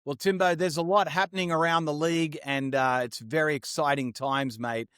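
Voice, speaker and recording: A man's voice: a little high, fairly even intonation, moderate pace, a bit bright, smooth, no room sound. Upbeat man, dry close sound. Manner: chatty, upbeat, slang-heavy. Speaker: podcast co-host. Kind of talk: casual sports chat.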